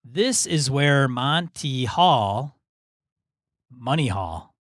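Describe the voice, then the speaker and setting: A man's voice: medium pitch, expressive, fairly bright tone, dry recording. Easygoing male podcast host, dry mic. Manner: easygoing, reads in measured chunks with asides. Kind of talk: casual chat, reading a listener email aloud.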